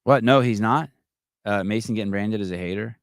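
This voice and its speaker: A man's voice: lowish voice, brisk, clear, resonant tone, no room sound, studio quality. A middle-aged man hosting a live call-in podcast, brash, mocking and profane in casual chat. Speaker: podcast host.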